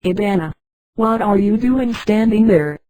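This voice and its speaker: Brisk, outspoken nurse read plainly by a woman; even, dry delivery. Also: medium pitch, dry recording, lightly acted, poor audio.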